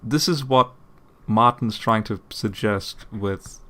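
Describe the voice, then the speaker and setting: A man's voice: on the low side, slow pace, bright, forceful tone. A man hosting a channel, explaining a point in casual commentary, often repeating words and checking in with "okay?". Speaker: apologetics channel host.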